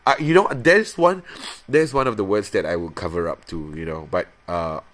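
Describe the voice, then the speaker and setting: A man in his thirties hosting a podcast, casually confessing in a halting, rambling way with many restarts, jumping into high playful voices when imitating himself. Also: fairly bright tone. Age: 30s. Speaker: podcast host.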